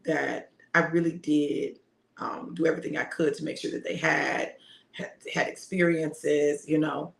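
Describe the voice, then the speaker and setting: With a deep, somewhat bright voice marked by vocal fry, a middle-aged woman preacher shares a family story in a heartfelt, casual way and laughs frequently. The motivational talk is relaxed, recorded with a roomy echo.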